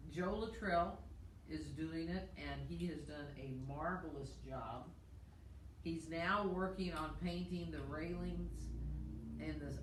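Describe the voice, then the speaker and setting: A woman's voice: low-pitched, a little hiss or hum. A woman pastor co-hosting a casual church livestream, chatting and eating on air. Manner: chatty, talks while eating. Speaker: pastor and co-host. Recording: echoey room, mic far off.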